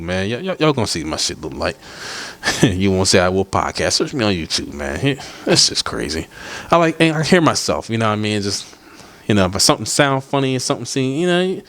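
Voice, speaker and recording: A man's voice: fairly low pitch, a bit bright, clean tone, dry recording. A man hosting his own podcast in casual, loose chat that rambles with profane asides. He talks into a studio mic with headphones on. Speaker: podcast host.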